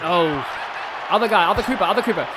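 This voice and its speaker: A game streamer giving excitable live commentary, often yelling at the game and wandering into chatty asides with lots of fillers. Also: mid-range voice, quick pace, over a noisy crowd. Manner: excitable, talks to the game, yells at big moments; rambling asides with many fillers. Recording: game music playing loud under the voice. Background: game music.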